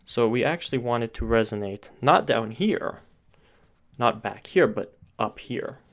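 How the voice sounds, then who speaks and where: A man's voice: medium pitch, animated, unhurried. A man teaching singing technique, explaining step by step and often restarting his sentences as he thinks aloud. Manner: talks with his hands, pointing to parts of his throat and face.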